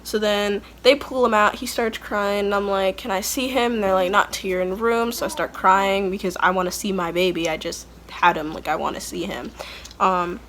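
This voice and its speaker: Young woman vlogger, mid pitch, rambly and blunt, storytime chat at home. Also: steady tone, moderate pace, fairly bright tone, a little hiss or hum. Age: young adult. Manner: chatty, filler-heavy, candid and blunt. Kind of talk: casual storytime. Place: at home, kids nearby.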